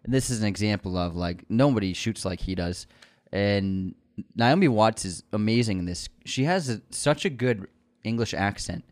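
A man's voice: fairly low pitch, lively intonation, moderate pace, darkish tone. A man co-hosting a podcast, chatting casually about movies with enthusiasm and frequent restarts. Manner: enthusiastic, repeats words when starting sentences. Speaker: podcast co-host.

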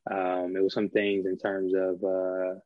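A man's voice: low voice, monotone, measured pace, no room sound, narrow, tinny audio. A middle-aged man talking through ideas in a casual conversation, with many fillers and restarts. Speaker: podcast guest.

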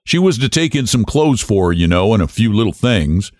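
Man voicing a hearty middle-aged sheriff, dismissive, lively pitch. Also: brisk, no echo, clean studio sound. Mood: mild.

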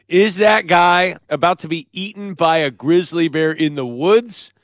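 Podcast guy setting up clips, slightly high voice, dry close mic. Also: unhurried, no echo. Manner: animated storytelling, setting up clips. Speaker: podcast co-host. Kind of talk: casual chat.

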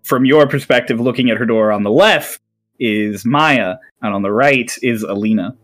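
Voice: mid-range voice, moderate pace, faint music behind. A laughing tabletop game master.

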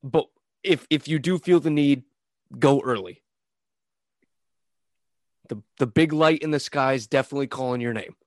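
A man co-hosting a podcast, chiming in with crude, deadpan jokes during casual banter. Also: medium pitch, normal speed, pauses often, dry recording, studio quality. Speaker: podcast co-host.

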